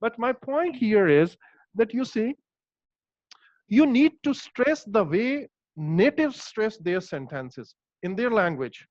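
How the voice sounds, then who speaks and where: A high-pitched, sing-song male voice with a darkish tone moves slowly, with no room sound. He's a Pakistani-accented Urdu speaker giving an online English lesson, hesitant and heavy on fillers, stressing words as he goes. The audio has a dull, dry, lo-fi call quality.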